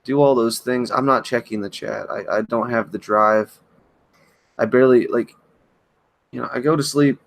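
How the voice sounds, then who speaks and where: A man at home giving a halting, emotional confessional monologue on a livestream, often restarting his sentences. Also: medium pitch, steady tone, vocal fry. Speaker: channel host. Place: at home by a kitchen counter.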